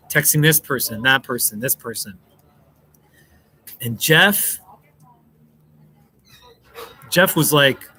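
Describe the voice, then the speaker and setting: Lively bright-voiced American man chatting. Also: medium pitch, normal speed, pauses often, slight background noise, low-quality recording. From United States. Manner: chatty, reacts to viewer comments with frequent laughs. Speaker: livestream host. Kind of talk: casual live stream chat. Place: indoors, seated at a table.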